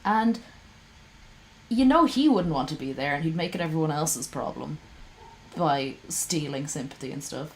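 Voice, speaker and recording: Ranting woman streamer, lowish voice. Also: expressive, moderate pace, pauses often, poor audio. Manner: heated, ranting, swears freely. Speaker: streamer reacting to a video. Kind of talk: casual reaction commentary to chat.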